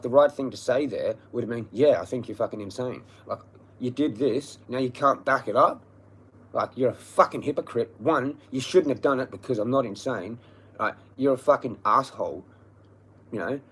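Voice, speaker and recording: An Australian man on a livestream, telling a story as an angry, profane rant that swings between low muttering and loud yelling. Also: husky, rough recording. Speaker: livestream host.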